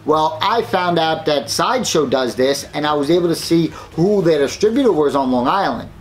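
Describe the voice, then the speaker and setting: A man hosting a casual unboxing vlog, excited and chatty, rambling about his finds. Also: on the high side, normal speed. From New York, United States. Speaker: host.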